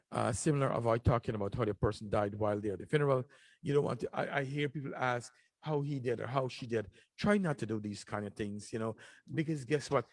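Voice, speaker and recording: A man's voice: mid-range voice, dry recording, rough recording. A middle-aged man hosting a talk show, giving earnest, repetitive advice with many filler ums. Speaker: radio show host.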